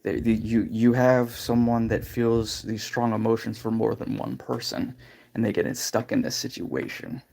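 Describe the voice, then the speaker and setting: A man with a gravelly, creaky voice tells a long personal story on his livestream. He talks candidly and loosely, piling on filler phrases as he goes. His pitch sits in an ordinary middle range. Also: steady tone, moderate pace, a little mellow. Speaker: livestream host.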